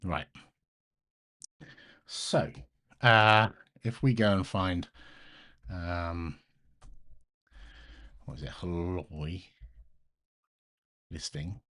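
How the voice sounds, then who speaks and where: A man's voice: low-pitched, steady tone, drawn-out words, pauses often, a bit bright. A middle-aged British man with a British accent, rambling casually to live-stream viewers as he works through open source maintenance at his computer, often breaking off mid-sentence. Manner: rambling, self-interrupting, chatty with viewers. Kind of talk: casual live-stream chat while coding.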